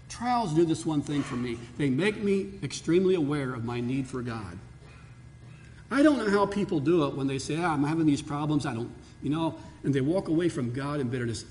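A male pastor preaching a sermon with passion, rising to loud pleas and dropping to hushed lows. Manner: impassioned, swinging between loud pleading and hushed lows. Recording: long hall reverb.

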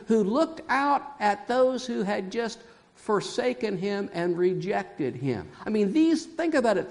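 A man's voice: very high voice, big-room sound. A man preaching a sermon to his church, telling a folksy story and chuckling often. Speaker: pastor. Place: church sanctuary.

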